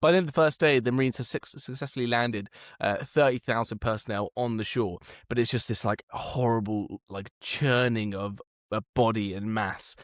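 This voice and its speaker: A man's voice: medium pitch, dry recording. Man telling history in a dry close mic. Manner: animated storytelling, swears, sometimes slow and emphatic. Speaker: podcast co-host telling history. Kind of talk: casual history podcast chat.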